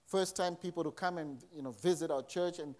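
Male pastor, slightly high voice, chatty sermon delivery with acted-out quotes. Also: fairly quick, a little mellow. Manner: conversational preaching with acted quotes.

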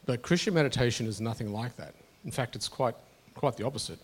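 Husky-voiced male pastor preaching. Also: mid-range voice, expressive, fast talker. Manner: earnest, conversational preaching with frequent restarts. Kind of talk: sermon.

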